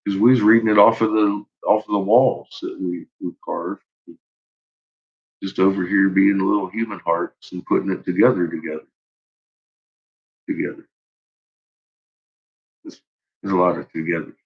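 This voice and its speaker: A man's voice: deep voice, fairly even intonation, normal speed, slightly rough, dull audio. A man livestreaming to his chat in a profane, rambling rant, laughing often. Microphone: own microphone.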